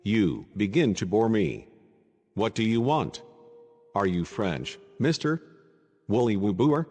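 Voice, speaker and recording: A man voicing a drunken, mocking middle-aged playwright with a high, hoarse, effeminate manner in an audiobook. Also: very animated, takes it slowly, a little mellow, long reverb tail, heavily acted. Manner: effeminate, blustering, flippant. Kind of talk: audiobook character voice.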